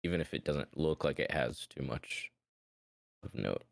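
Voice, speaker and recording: A man's voice: a bass voice, animated, normal speed, vocal fry, no echo, clean studio sound. A man playing a tabletop game, laid-back with casual slang. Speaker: player.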